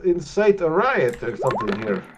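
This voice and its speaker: A man's voice: a little high, very animated, normal speed, background noise. A man playing a tabletop game, talking casually and plainly. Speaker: player. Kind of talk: tabletop game role-play.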